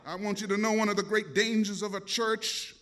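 A man's voice: high voice, fairly even intonation, fairly quick, a bit bright. A man preaching a sermon, dramatic and emphatic, calling out questions to his congregation. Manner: dramatic, call-and-response, emphatic.

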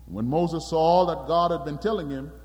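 A man preaching a sermon in an animated, emphatic way, calling out to his congregation. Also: fairly high pitch, normal speed. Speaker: pastor. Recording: long hall reverb.

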